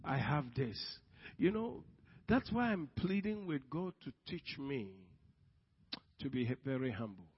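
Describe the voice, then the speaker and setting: A man preaching a sermon as pastor, swinging between loud bursts and hushed asides. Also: on the high side, sing-song, unhurried, breathy edge. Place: church hall. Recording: long hall reverb, dull lo-fi sound.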